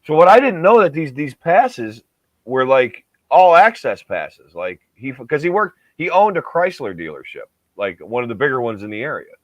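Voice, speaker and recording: A man's voice: mid-range voice, wildly swooping pitch, moderate pace, no room sound. A man hosting a casual podcast, telling a long rambling story and swearing freely. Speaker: podcast host. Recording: dull lo-fi dry recording.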